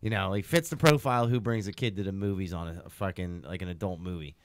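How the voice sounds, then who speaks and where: A man in his thirties co-hosts a podcast and tells a story full of swearing. His voice is smooth and clear and sits at a middling pitch. The sound is dry and close on a studio mic. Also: fast talker, no room sound. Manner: animated, profane, swings between loud outbursts and low asides. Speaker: podcast co-host. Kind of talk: casual storytelling chat.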